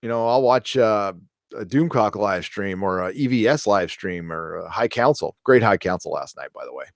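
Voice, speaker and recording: A man's voice: lowish voice, lively intonation, normal speed, creaky, dry recording, clean studio sound. A middle-aged man hosting a live stream, chatting casually, answering viewer questions in a rambling, opinionated way with frequent restarts. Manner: rambling, self-correcting, opinionated. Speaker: live stream host reading chat questions.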